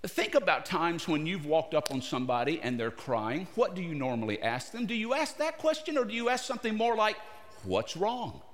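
A male pastor preaching a sermon in short phrases, pausing often and putting questions to his listeners. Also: sits high, big pitch swings, slight background noise. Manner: broken into short phrases with pauses. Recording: long reverb of a large hall.

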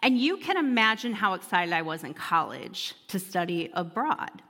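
A woman pastor telling a personal story in an animated, humorous sermon, laughing as she goes. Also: lowish voice, moderate pace, big-room sound.

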